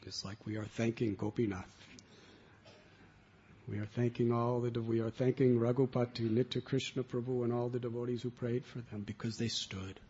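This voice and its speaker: A man preaching a sermon in an animated storytelling way, on a muffled lo-fi recording. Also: mid-range voice, moderate pace, slight background noise. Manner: animated storytelling with sound effects.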